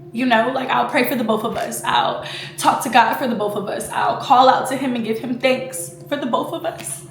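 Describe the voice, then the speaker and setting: A woman's voice: fairly high pitch, a little hiss or hum. Emotional young woman vlogging in echoey room. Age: 20s. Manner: emotional, fighting back tears; chatty, full of fillers like "like" and "you know". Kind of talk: casual personal vlog talk.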